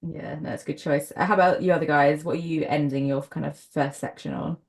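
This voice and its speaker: A woman's voice: low voice, steady tone, brisk, gravelly. A British woman hosting a fan podcast, enthusiastic and steering the chat with questions. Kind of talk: casual chat.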